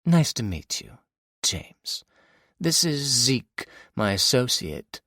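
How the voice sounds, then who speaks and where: A man's voice: mid-range voice, big pitch swings, slow pace, sharp tone, no echo, studio quality, pitched above the performer's own voice, exaggerated voice. A man voicing a cold, menacing woman villain in an audiobook, with a foreign accent and a purring manner. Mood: mocking. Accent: Russian.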